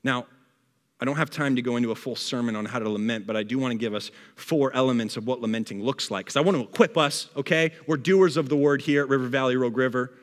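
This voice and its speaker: A man preaching a sermon, reading scripture aloud and acting out a grumbler's complaints with lively energy. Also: medium pitch, quick pace, big-room sound. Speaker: pastor. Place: church hall.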